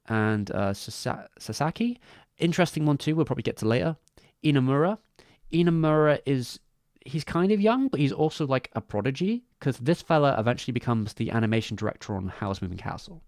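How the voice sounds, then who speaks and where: A man's voice: mid-range voice, dry recording, studio quality. A man streaming live, talking casually about animation credits, with many restarts and asides. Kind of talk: casual livestream commentary.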